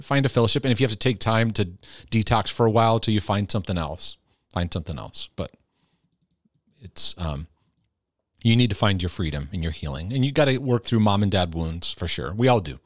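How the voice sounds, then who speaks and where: Speaking with a lowish voice, this man fields questions from viewers as a Christian mental health teacher. He's casual, sincere and straightforward, often restarting mid-sentence, and the studio sound is clean with no echo.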